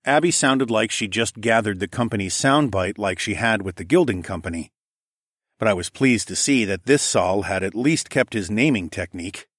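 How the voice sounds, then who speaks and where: A man's voice: fairly low pitch, dry recording. A man narrating a first-person audiobook in a wry, dry manner with muttered asides.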